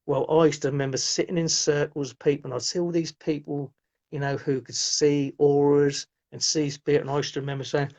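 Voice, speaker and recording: A man's voice: fairly high pitch, little pitch movement, fairly quick, vocal fry, a little mellow. A middle-aged man, telling his life story as a guest in a rambling way, often restarting his sentences. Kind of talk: personal storytelling in conversation. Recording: muffled lo-fi audio.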